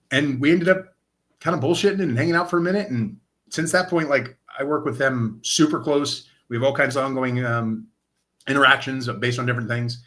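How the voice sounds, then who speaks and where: Speaking a little fast in a mid-range voice, this interview guest, a nonprofit director of operations from Lane County, Oregon, recounts his story in a casual, animated way. He acts out the quoted dialogue as he goes.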